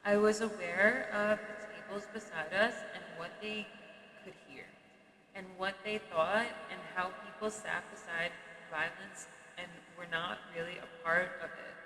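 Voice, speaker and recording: A woman reading a memoir aloud at a steady pace, sometimes stumbling and restarting a phrase. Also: on the low side, measured pace. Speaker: reader. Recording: echoey room with long reverb and faint noise.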